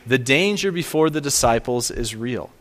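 A man's voice: medium pitch, expressive, moderate pace, fairly bright tone, long reverb tail. A man preaching a sermon as pastor, earnest and emphatic, repeating phrases for weight.

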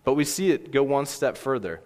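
A man's voice: medium pitch, lively intonation, fairly quick, a little mellow. A man preaching a sermon in an ordinary mid-range voice. He speaks earnestly, putting questions straight to his listeners and circling back to repeat his main points. The sound carries a long reverb, like a large church hall. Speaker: pastor.

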